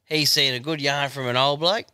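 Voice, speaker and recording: A man's voice: medium pitch, steady tone, moderate pace, sharp tone, clean tone, no room sound, studio quality. A man with an Australian accent co-hosting a podcast, chatting in an easygoing, agreeable way. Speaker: podcast co-host. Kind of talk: casual chat.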